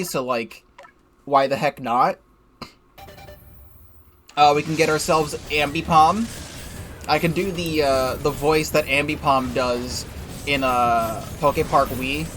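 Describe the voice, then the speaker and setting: Casual young dude narrating his game clips, rambly and sweary, voice sits a little high. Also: a little slow, pauses often, fairly bright tone, a little hiss or hum. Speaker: let's play gamer.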